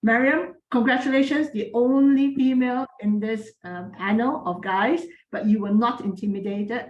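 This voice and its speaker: A woman with a mid-range voice judges a moot court, offering students frank yet encouraging feedback in a clear, projecting tone peppered with fillers and restarts. The recording is reverberant, with the highs cut off.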